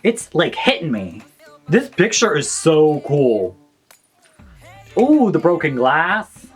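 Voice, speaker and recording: A woman hosts a song reaction, her lowish voice leaping up and down in pitch as she gushes. She talks at a slow, drawn-out pace, shouting and humming along. Faint music plays under her voice. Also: sing-song. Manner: effusive, bursts into shouts and gasps; sings and hums along. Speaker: reaction video host. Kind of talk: excited song reaction commentary.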